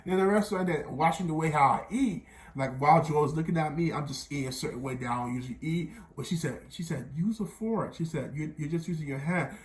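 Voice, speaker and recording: A man's voice: fairly high pitch, quick pace, few pauses, reverberant. A young man from Miami telling a rambling storytime vlog, often repeating himself and quoting others. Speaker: vlogger.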